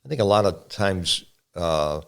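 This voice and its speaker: Older guy, very deep and gravelly, earnest, reminiscing about the old days. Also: animated, unhurried. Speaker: pastor and guest. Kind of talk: casual family conversation.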